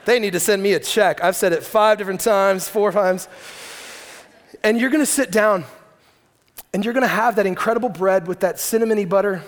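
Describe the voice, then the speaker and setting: A man in his thirties preaching a sermon to a congregation, telling stories in an animated, joking way. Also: high voice. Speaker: pastor. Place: large hall before a congregation. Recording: long hall reverb.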